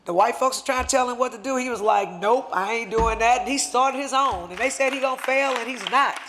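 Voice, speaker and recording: Man, high-pitched, impassioned luncheon speech, fervent, conversational, emotional, presenting a certificate. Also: fast, sharp tone.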